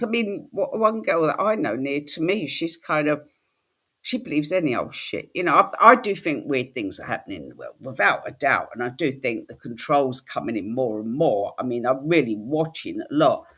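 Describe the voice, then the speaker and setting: Woman host, husky voice, very lively pitch, chatty storyteller. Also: normal speed. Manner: animated storytelling, slips into quoted voices. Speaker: spiritual workshop host. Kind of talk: casual chat.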